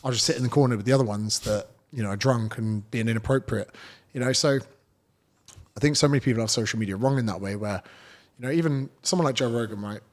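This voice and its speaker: A man's voice: mid-range voice, fast talker. A man, a fitness coach talking bluntly and swearing freely in a casual podcast chat.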